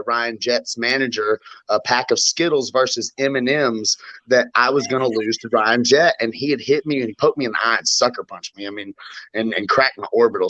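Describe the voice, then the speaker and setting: A man's voice: mid-range voice, pushed and bright, no echo. A middle-aged man, a fighter telling intense, fired-up stories and swearing as he talks. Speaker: bare-knuckle fighter. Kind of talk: casual interview chat. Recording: dry, dull lo-fi audio.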